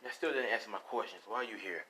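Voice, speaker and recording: A man's voice: lowish voice, fast, pushed and bright, slight background noise, rough recording. A man voicing a stern, impatient young male masked hero in a fan story, firing off blunt, demanding questions.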